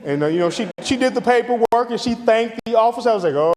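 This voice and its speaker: A middle-aged man from Atlanta, giving a lively, conversational storytelling lecture. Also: extremely high pitch, fast talker, hardly any pauses. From Atlanta, Georgia. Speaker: guest lecturer. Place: lecture hall. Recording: reverberant lecture hall.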